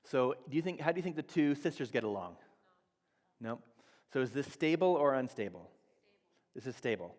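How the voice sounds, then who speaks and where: A man's voice: medium pitch, animated, moderate pace, long pauses, a little mellow. A man in his thirties giving a conversational sermon, teaching with everyday examples and acting out bits of dialogue. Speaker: church speaker. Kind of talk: sermon on relationships. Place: church sanctuary. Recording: long reverb of a church hall.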